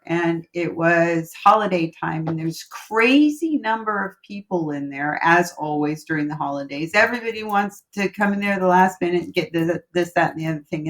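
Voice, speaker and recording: A woman guest, a relationship coach, telling a story in a casual interview with an earnest, heartfelt manner and repeated words for emphasis. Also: lowish voice.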